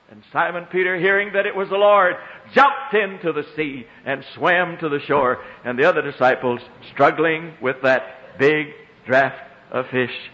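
A man preaching a sermon, swinging between hushed low phrases and high ringing exclamations, drawing out scriptural lines in old-fashioned diction. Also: measured pace. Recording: long hall reverb, dull lo-fi sound.

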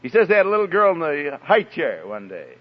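A man's voice: fairly high pitch, very animated, a little fast. A man preaching a sermon, emphatic and storytelling, heard as a dull recording in an echoey hall. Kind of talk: sermon on parenting.

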